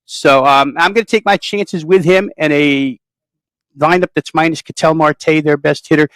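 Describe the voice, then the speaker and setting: A man's voice: a little high, fairly even intonation, normal speed, fairly bright tone, no room sound, rough recording. Thorough, detailed male sports handicapper. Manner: thorough, detailed, long-winded. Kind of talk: detailed betting analysis.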